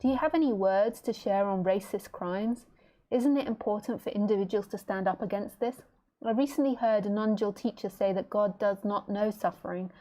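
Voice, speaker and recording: A middle-aged woman teacher giving a casual online talk from home, chatty and warm with her listeners, laughing easily. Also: medium pitch, moderate pace. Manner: chatty, laughing, baby-talks to her pet. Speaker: spiritual teacher.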